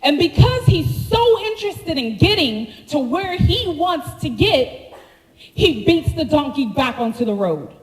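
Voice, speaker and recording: Woman preaching, high lively voice, unhurried, echoey church hall. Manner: animated storytelling, slangy asides to the congregation. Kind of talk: sermon. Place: church sanctuary.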